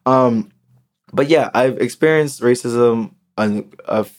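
An American young man speaking candidly in an unedited solo podcast monologue, halting with ums and restarts. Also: medium pitch. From United States. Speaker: podcast host.

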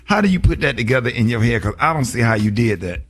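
A man hosting a morning radio show, animated, his pitch jumping high when he jokes. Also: fast talker, slightly rough, soft background music.

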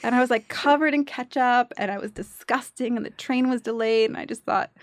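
Animated woman telling a story. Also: fairly high pitch, fairly quick, hardly any pauses, no echo. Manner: animated, acts out quotes. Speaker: guest. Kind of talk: casual storytelling chat.

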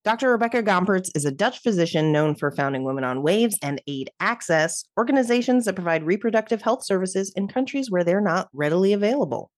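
A woman's voice: medium pitch, expressive, a little fast, hardly any pauses, no room sound, clean studio sound. A woman co-hosting a podcast, chatting casually with sarcastic asides. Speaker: guest co-host.

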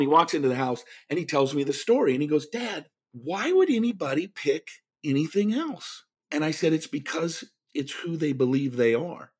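A middle-aged man, a speaker and author, telling a long story in an interview and acting out the people in it. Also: on the high side. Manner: animated storyteller, acts out quoted voices.

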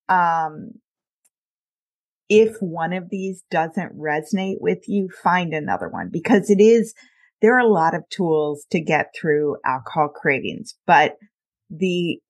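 A woman's voice: on the low side, slow pace. A middle-aged woman hosting a podcast, speaking candidly, telling personal stories and laughing often. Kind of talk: casual conversational interview.

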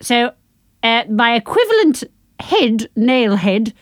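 Lady co-hosting a silly advice podcast, teasing and bossy, bouncy lively voice, a bit high, dry close mic. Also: slow pace, no echo. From United Kingdom. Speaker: podcast co-host. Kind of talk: comedic advice podcast chat.

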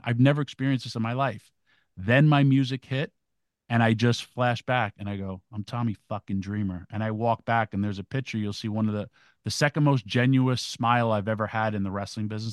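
Deep-voiced middle-aged man, earnest storyteller. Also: clear, resonant tone, dry recording, studio quality. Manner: earnest, intense storytelling with profanity. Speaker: co-host. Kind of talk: casual interview chat.

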